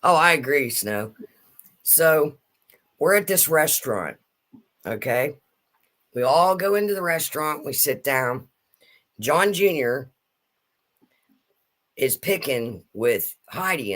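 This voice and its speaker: A middle-aged woman telling a family story in casual chat, animated and laughing as she goes. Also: sits low, takes it slowly, pauses often.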